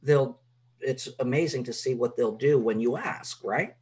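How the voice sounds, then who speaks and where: A man's voice: mid-range voice, measured pace, a little mellow. A man hosting a conversational interview, responding to his guest in an affirming way. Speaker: podcast host.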